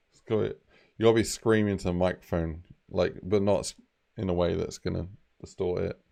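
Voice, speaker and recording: A man's voice: sits low, fairly even intonation, brisk, vocal fry, warm tone. A young man who streams game mod development, chatting casually and rambling with lots of fillers. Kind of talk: casual live-stream chat.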